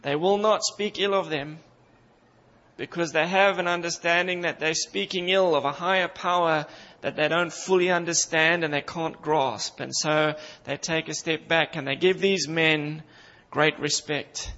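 A man's voice: a little high, fairly even intonation, unhurried, sharp tone. A man preaching a sermon with fervent, emphatic delivery, repeating phrases for emphasis. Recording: dull sound with long reverb in a hall.

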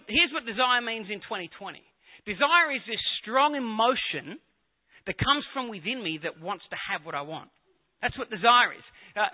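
Guy pastor preaching, chatty and jokey, sounds like a phone line in a big echoey church. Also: very high-pitched. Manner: conversational, joking with the congregation. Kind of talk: sermon. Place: church hall with congregation.

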